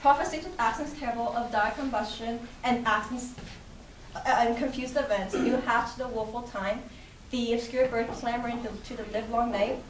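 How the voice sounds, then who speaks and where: A teenage girl in a school stage performance, reciting lines haltingly with fillers. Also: on the high side, steady tone, background noise. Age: teens. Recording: echoey room, distant mic.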